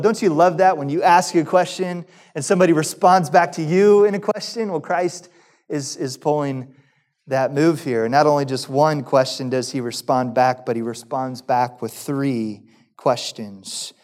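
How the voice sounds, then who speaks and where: Preaching emphatically, a pastor fires rhetorical questions at his listeners, his volume swinging from loud to quiet. His voice is a little high.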